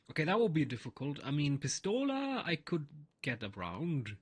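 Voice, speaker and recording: A man's voice: fairly high pitch, very animated, normal speed, husky. A man chatting casually while playing a game, rambling through stories with frequent restarts and asides. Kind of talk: casual gameplay commentary and storytelling.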